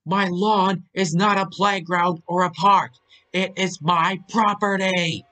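A man voicing a possessed, demonic old man who yells in fury at a boy. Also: a little high, expressive, very slow, pitched above the performer's own voice, heavily acted. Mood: raging. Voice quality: yelling, distorted.

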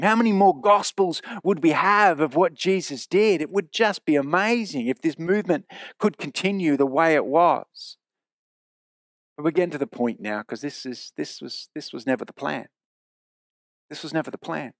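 A man preaching a sermon in a church, earnest and emphatic, slowing down to repeat key phrases. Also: a little high, no echo, studio quality.

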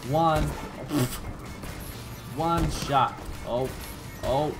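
Excitable young-sounding man, gameplay commentary over music. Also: a little high, extremely slow. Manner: excitable, chatty, bursts of surprise and self-mocking. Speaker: gaming YouTuber. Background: background music.

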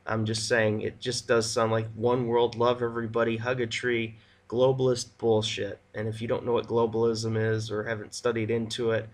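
A man giving a blunt, sarcastic solo review, stretching out words for effect. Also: on the low side.

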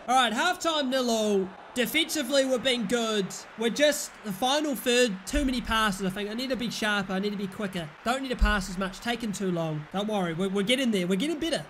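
Young British man, gameplay commentator, very high voice, exasperated and shouty. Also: animated, normal speed, slight background noise. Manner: exasperated, yells at his players and the referee. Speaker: gaming YouTuber.

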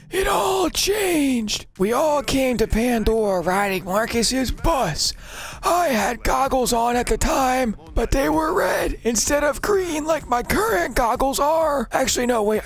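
A man's voice: very high voice, creaky, voice pushed up, heavily acted. A man voicing a wiry, wisecracking male gunslinger in a comedic game role-play, talking in a drawling, teasing, theatrical way.

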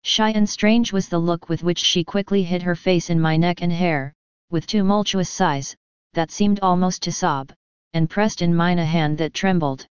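A woman narrating an audiobook in a measured, even storytelling manner, recorded close to the mic. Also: on the low side, clean tone, no echo, highs cut off.

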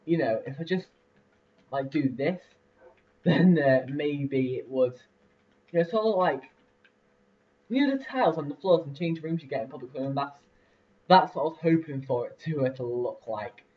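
A young man casually commentating a building game, rambling with lots of fillers and laughs. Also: on the high side. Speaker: let's play host. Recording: distant lo-fi mic.

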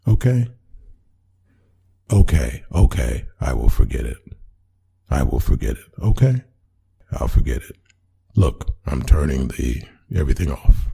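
A man with an extremely low, gravelly voice plays the boyfriend in a one-sided role-play audio drama. He answers an unheard partner and draws out soft endearments. His voice is dark and husky. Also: lively intonation, normal speed. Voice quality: deep voice. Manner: talks to an unheard partner, answering her unseen replies.

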